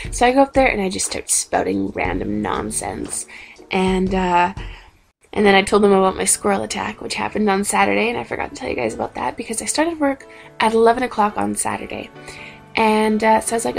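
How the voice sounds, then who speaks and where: Chatty young woman with gravelly voice. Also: normal speed, faint music behind. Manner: animated, chatty, acts out quotes in higher voices. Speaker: vlogger. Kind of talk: casual storytelling vlog.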